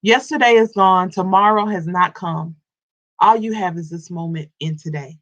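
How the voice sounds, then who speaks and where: A woman's voice: fairly low pitch, moderate pace, fairly bright tone, muffled recording. Woman preaching a morning devotional. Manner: preachy and repetitive, with stammered restarts and direct address. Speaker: life coach and minister. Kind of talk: live-streamed morning devotional talk.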